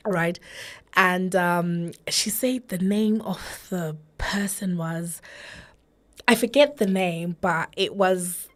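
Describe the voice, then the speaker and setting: A woman's voice: on the low side, slow pace. A woman from Zimbabwe, co-hosting a podcast, telling a long story in casual chat and checking in with "right?" and "you know". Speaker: podcast co-host.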